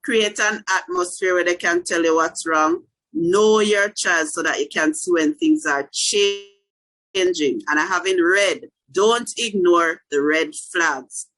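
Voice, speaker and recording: Woman counselor, lowish voice, earnest workshop host checking in with listeners, video call. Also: slow pace, a bit bright, low-quality recording. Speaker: counselor leading a parenting workshop. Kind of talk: online workshop talk.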